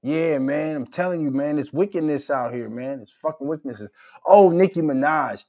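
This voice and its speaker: A middle-aged man from Minnesota hosts a podcast, ranting casually in a fairly high-pitched voice at a moderate pace. His rants are loud, heated and full of profanity, with frequent outbursts.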